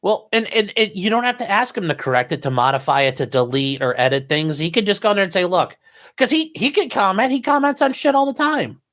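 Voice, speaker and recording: A man's voice: high voice, animated, brisk, a bit bright. A man in a tense livestream argument, answering hesitantly with stumbling restarts as he tries to placate. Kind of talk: heated argument.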